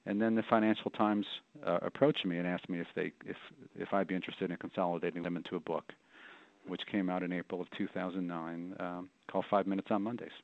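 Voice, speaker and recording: Deep gravelly man on a phone line. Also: fairly even intonation, fast, no echo. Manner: reflective, often repeats words as he goes. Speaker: rabbi and author, interview guest. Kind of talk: storytelling in a radio interview. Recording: dry, tinny phone line.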